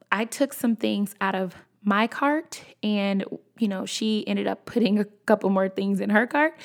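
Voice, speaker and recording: A woman in her twenties, a podcast host, telling a personal story in a casual, animated way and talking straight to her listeners. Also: medium pitch, creaky. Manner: animated, conversational, addresses listeners as y'all.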